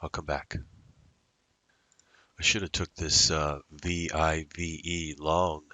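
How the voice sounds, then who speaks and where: Super deep guy talking thru his trades at the desk, mumbly, lots of uh's, dead dry sound. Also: little pitch movement, takes it slowly, sharp tone, dry recording. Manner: rambling, muttering to himself with fillers. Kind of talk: casual live trading commentary.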